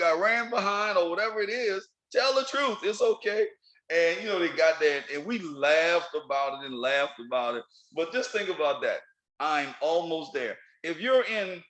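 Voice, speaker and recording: A man talks through his solo podcast in a loose, animated way. His voice sits a little high, and he laughs easily between his points. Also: low-quality recording. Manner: animated, laughs often, playful. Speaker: podcast host. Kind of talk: casual solo podcast monologue.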